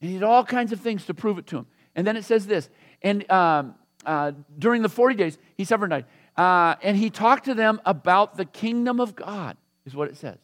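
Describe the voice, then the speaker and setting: A man's voice: high-pitched, expressive, a little fast, fairly bright tone. A man preaching a sermon in a conversational storytelling way, acting out the voices of the people in the scripture he reads. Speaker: pastor.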